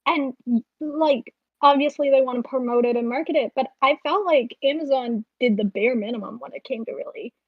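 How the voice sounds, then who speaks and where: A woman co-host talks casually in a live online chat, lively and joking. Her voice sits a little high and sounds dry and close. The audio is dull and lo-fi. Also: dry recording. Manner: animated, joking, quick asides.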